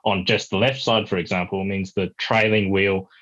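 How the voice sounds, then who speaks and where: A man's voice: deep voice, steady tone, moderate pace, a bit bright, lo-fi sound. A man, a podcast guest chatting casually and rambling with many restarts. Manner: rambling, many restarts, puts on a mock broken-English voice for jokes. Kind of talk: casual chat.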